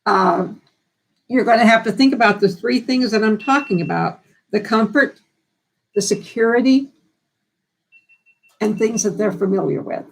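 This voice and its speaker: A woman's voice: medium pitch, low-quality recording. A woman hosting a live stream and giving advice on dementia care in a folksy, earnest, down-to-earth way. She often repeats and restarts phrases as she thinks aloud.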